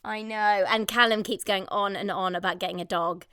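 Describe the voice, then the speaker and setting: A woman co-hosting a casual podcast, expressive and quick to laugh. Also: medium pitch, clean tone, dry recording, studio quality. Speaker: podcast co-host. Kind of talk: casual chat.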